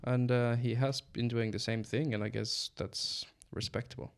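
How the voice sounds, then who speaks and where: A man's voice: medium pitch, steady tone, moderate pace. A man with a Swedish accent chatting casually on a podcast, thinking aloud with ums and restarts. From Sweden. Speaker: podcast co-host. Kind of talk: casual chat.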